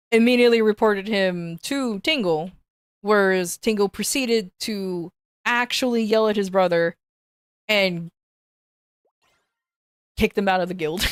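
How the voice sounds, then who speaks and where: A woman streamer tells a story to her chat in a casual, animated way, tripping into restarts and repeated words. Her voice sits in an ordinary middle pitch. The sound is dry, with no room echo. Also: clean tone. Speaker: VTuber streamer.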